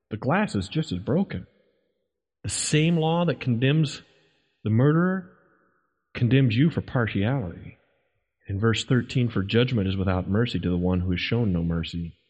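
A man's voice: lowish voice, a little mellow, husky, highs cut off. A man preaching a sermon in a church, dramatic and emphatic, pressing his congregation with rhetorical questions. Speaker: pastor. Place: church sanctuary. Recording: long reverb of a church hall.

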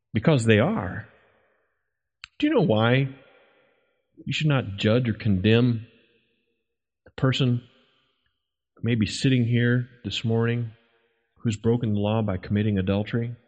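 Dramatic preacher in a reverberant church. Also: male voice, mid-range voice, lo-fi sound. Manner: dramatic, emphatic preaching with rhetorical questions. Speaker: pastor. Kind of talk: sermon. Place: church sanctuary. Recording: long reverb of a church hall.

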